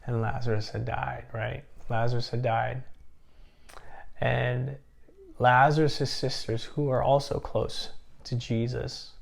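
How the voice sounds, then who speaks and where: A man's voice: medium pitch, gravelly. A man giving an earnest, reflective sermon-style talk at a seminar, often restarting his phrases. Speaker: seminar speaker.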